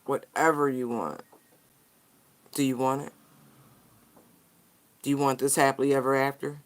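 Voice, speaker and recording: A person giving a casual tarot card reading straight to viewers, animated, slangy and profane. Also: mid-range voice, unhurried.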